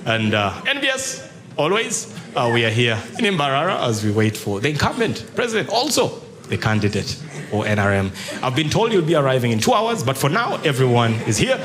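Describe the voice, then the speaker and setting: A man voicing a self-important male TV reporter in a deep, polished voice. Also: very animated, brisk, background noise, natural voice. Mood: smug. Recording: echoey hall, loud crowd.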